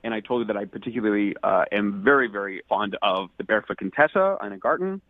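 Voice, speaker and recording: A man's voice: on the low side, animated, quick pace, no echo. A man calling in to a radio show, talking with exaggerated, indignant outrage over a phone line. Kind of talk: radio prank call.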